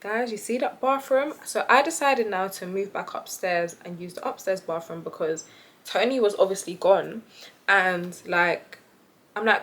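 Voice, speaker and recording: A woman's voice: medium pitch, unhurried. A young woman talking to camera, telling a story in a chatty, exasperated way and often addressing her viewers. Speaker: vlogger.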